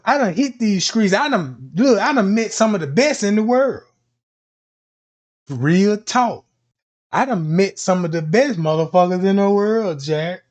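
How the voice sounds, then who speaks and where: A young man talking casually in a profane, rambling way, telling street stories on a live stream and often repeating his catchphrases. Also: extremely high pitch. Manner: profane, rambling, repeats "you know what I'm talking about". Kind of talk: casual street storytelling monologue.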